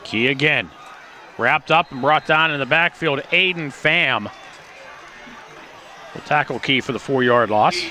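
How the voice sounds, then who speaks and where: A man doing play-by-play commentary for a high school football game, his voice rising and growing louder on big plays. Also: measured pace, long pauses. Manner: rises in pitch and volume on big plays. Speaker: play-by-play announcer. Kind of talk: sports commentary.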